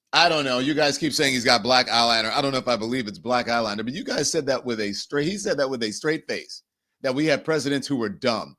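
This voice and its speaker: A man hosting a political commentary show, incredulous and animated, often laughing between remarks. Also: mid-range voice, fast. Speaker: host.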